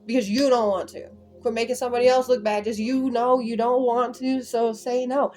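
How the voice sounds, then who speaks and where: A woman's voice: on the high side, little pitch movement, a little fast, a little mellow, faint music behind. Emphatic woman giving a casual tarot reading. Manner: emphatic, rambling, repeats herself. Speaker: tarot reader. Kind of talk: casual spiritual reading monologue.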